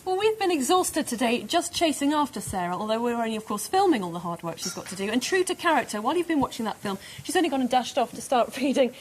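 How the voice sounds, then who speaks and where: A British woman presenting on television, lively and upbeat. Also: a little high, quick pace, few pauses, slight background noise, poor audio. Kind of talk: breakfast TV presenting.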